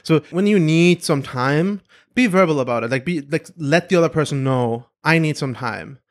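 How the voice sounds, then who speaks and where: A man's voice: a little high, moderate pace. A man co-hosting a podcast, talking casually and earnestly as he gives advice, with small restarts. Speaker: podcast co-host.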